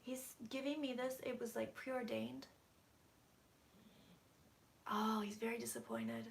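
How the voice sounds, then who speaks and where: A woman's voice: a little high, fairly even intonation, takes it slowly, gravelly, slight background noise. A woman psychic channeling on a live stream from her room, talking intensely, dropping to whispers and swearing freely. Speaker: psychic reader.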